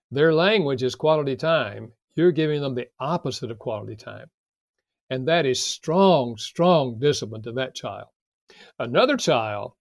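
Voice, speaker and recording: An older man, a guest author, calmly explaining parenting advice with everyday examples in an interview. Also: mid-range voice, no echo, studio quality. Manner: calm, measured, explains with examples.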